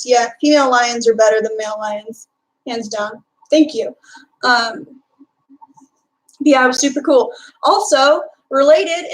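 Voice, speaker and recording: A young woman from Texas with a Texan accent casually chats on a live stream, full of filler as she reads and answers her chat. Her voice is a little high, and the recording quality is low.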